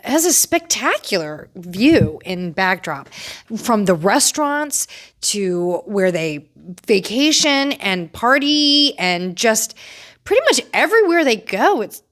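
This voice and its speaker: A woman giving casual, opinionated commentary on reality TV, chatty and animated. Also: a little high, slow pace. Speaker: pop culture commentator.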